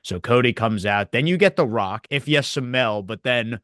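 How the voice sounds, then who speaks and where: A man co-hosting a casual wrestling review podcast, telling events in an animated way with acted quotes. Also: mid-range voice, normal speed, dry recording, clean studio sound. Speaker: podcast co-host.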